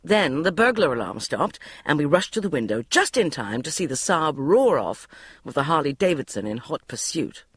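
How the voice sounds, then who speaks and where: A woman reading a first-person diary audiobook in a wry, expressive way. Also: low voice, moderate pace, breathy edge, no echo. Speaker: audiobook narrator.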